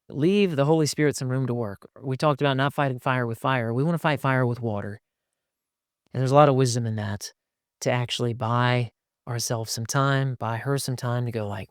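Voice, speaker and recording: Man, podcast host, animated, acts out voices, dry close sound. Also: mid-range voice, moderate pace, dry recording. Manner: animated, acts out quoted lines in shifting voices. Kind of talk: casual podcast advice talk.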